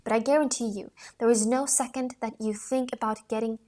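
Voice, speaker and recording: A woman reading a book on acting aloud in an earnest, instructional way, sometimes dropping to a hush. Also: on the high side, steady tone, brisk. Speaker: audiobook reader.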